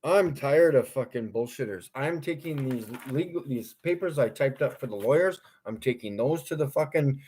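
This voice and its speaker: A man's voice: medium pitch, animated, moderate pace, hardly any pauses, darkish tone, slight background noise. A man ranting to his viewers in an angry, profane monologue, lecturing them and breaking into laughter at himself. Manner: lecturing, repeats commands. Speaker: vlogger.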